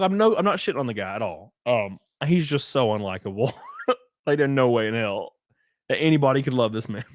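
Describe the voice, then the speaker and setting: Young Southern man, casual streamer, laughs a lot, cusses, close dry sound, average pitch. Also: no room sound. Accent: Southern US (Alabama). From rural Alabama. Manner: rambling, laughs often, swears freely. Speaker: livestreamer and race car driver. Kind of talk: casual livestream chat reading viewer comments.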